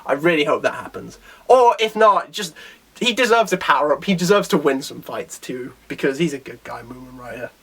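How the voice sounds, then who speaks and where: A man talks through a comic chapter in a casual, rambling way, full of restarts and fillers. His voice sits on the high side for a man. He speaks with eager, loose enthusiasm. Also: expressive, brisk, a bit bright, husky. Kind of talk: casual video review.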